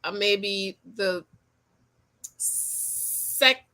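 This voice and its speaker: A middle-aged woman hosting a casual livestream about dating, reading viewer comments, animated and repeating her points in slang. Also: mid-range voice, extremely slow. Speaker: livestream host and dating coach.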